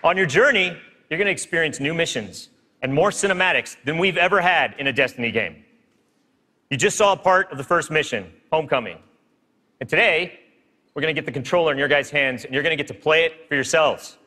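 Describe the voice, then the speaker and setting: Bright-voiced guy doing a stage keynote, pumped, big echoey hall. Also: fairly high pitch, animated, a little fast, a little hiss or hum. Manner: upbeat, hyping up a live audience. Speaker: game studio presenter. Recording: long hall reverb from live stage.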